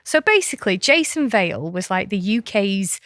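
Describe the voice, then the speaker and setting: A woman tells a story on a podcast, with animated delivery. She acts out the voices and laughs often. The mic is close and dry. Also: medium pitch, moderate pace, no echo. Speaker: podcast co-host. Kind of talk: casual storytelling chat.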